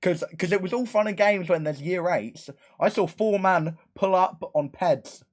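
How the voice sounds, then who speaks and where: Man, slightly high voice, live streamer, casual storytime, rambling, swearing, acts out quotes. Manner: fast rambling retelling with acted-out quotes and swearing. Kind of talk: casual storytime addressing chat.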